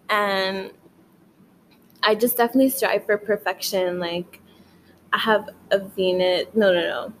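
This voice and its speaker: In her bedroom late at night, a young woman with a mid-range voice vlogs casually, and the low-quality audio carries a little hiss or hum. She's tired yet wired, wandering from thought to thought, cursing, and leaning hard on "like."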